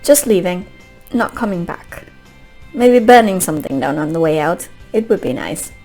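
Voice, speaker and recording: A young British prince pours out a tender, grieving love letter, as a woman puts on the voice. The put-on British accent reads slowly and wistfully, lingering over each poetic line. A faint bed of music hums underneath. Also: lowish voice, expressive, a little mellow, low-quality recording.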